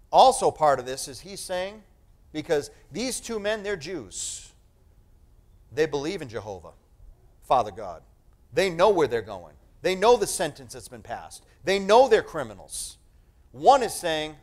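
Animated preaching man, lively pitch. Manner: emphatic preaching, reads scripture aloud with dramatic slow stress. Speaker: pastor. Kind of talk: sermon.

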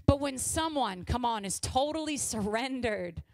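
A high-pitched woman in her forties preaches with fervent, exhorting energy, leaning in with loud urging and then dropping to a hushed, confessional tone. Her voice sits close and dry, with almost no room sound around it. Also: lively intonation, unhurried, dry recording. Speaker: pastor's wife preaching. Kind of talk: sermon.

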